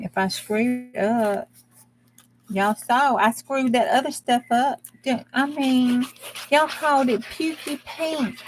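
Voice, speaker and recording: A woman's voice: a little high, a little hiss or hum. A woman chatting bluntly and casually while she crafts on her channel, cursing mildly as she works. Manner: folksy, blunt, mild cursing, talks while working. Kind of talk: casual crafting livestream chat.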